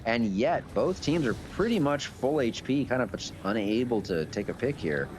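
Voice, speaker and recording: A man hosting and casting a live online game tournament, chatty and relaxed, often restarting his words. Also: mid-range voice, moderate pace, slight background noise. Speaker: tournament host and caster. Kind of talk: live esports commentary.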